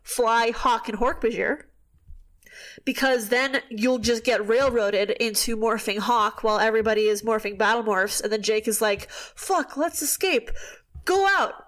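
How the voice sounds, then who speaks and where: A woman with a slightly high voice hosts a casual podcast. She retells a story animatedly, tossing in quick asides and the occasional swear. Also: flat delivery, fairly bright tone. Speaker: podcast host. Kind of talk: casual chat recapping a book.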